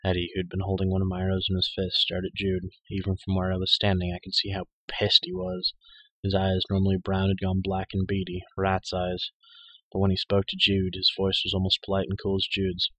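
A man narrating a dark urban fantasy audiobook in the first person, with dramatic, measured storytelling. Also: low-pitched, steady tone, dry recording, low-quality recording.

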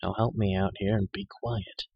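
Male reader playing an ancient vampire master with a low silken drawl, dry and close. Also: steady tone, moderate pace, gravelly, husky, no echo, lo-fi sound. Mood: cool.

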